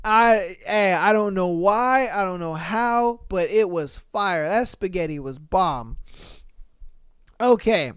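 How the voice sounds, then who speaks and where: A podcast host reading listener comments aloud in a casual, animated, slangy way, laughing and swearing often. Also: mid-range voice, slow pace, smooth, no echo, studio quality.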